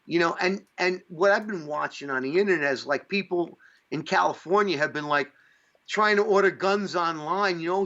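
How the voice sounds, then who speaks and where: A man's voice: sits high, moderate pace, a bit bright. A man from upstate New York hosting a casual podcast chat, rambling and swearing with lots of fillers. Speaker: podcast host. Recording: dull lo-fi sound.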